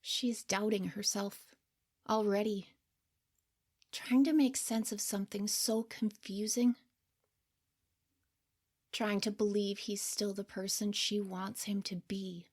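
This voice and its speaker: A woman voicing her older, wiser self in a soft, gentle whispered role-play. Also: medium pitch, fairly even intonation, takes it slowly, long pauses. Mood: tender.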